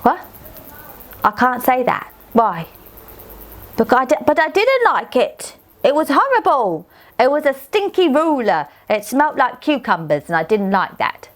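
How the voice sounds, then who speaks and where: A woman's voice: high voice, a little slow. A woman doing a cheeky little fairy girl. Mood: chatty. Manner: animated, childlike, talks straight to the listener. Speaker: children's storyteller. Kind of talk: children's storytelling.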